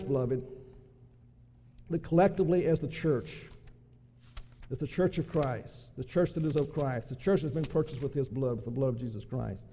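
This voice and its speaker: High-voiced fervent preacher in a reverberant hall. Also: male voice, mellow, breathy edge. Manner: fervent, emphatic preaching with repeated restarts. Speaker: pastor. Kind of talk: sermon.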